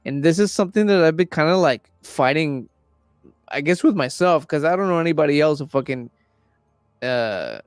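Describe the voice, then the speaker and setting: A young man in casual chat, rambling and swearing a lot while retelling a story with animated energy. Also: on the high side, normal speed, clean tone, no room sound, studio quality, soft background music. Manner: acts out quoted characters in raised voices. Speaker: podcast host.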